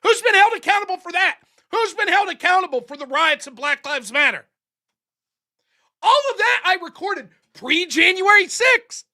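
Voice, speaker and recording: A man's voice: extremely high pitch, lively intonation, normal speed, pushed and bright. A man hosting a livestream, ranting angrily about politics, swearing often and firing off rhetorical questions. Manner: angry, profane, rhetorical questions. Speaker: livestream host. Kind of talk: profane political rant on a livestream.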